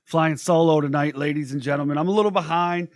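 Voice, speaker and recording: A man hosts a live stream in loose, energetic chat, calling out viewers one after another. His voice sits a touch higher than most men's. The sound is dry and close. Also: fast talker, no echo. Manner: energetic, chatty, shouting out viewers. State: feeling unwell. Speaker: host.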